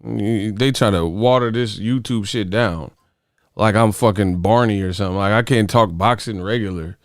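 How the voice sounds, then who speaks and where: A man hosts a boxing live stream, profane and joking. His voice is smooth and clear on a close, dry mic. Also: mid-range voice, measured pace, long pauses, no room sound. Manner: profane, laughing, animated rants. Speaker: boxing channel host. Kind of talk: casual live-stream chat.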